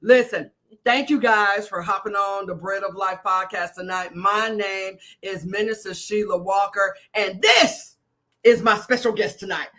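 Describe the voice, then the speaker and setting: Woman minister hosting a live stream, bubbly, repeats herself a lot, bright and forceful tone. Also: mid-range voice, a little slow. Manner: excitable, repeats herself, greets viewers by name. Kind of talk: casual live-stream chat.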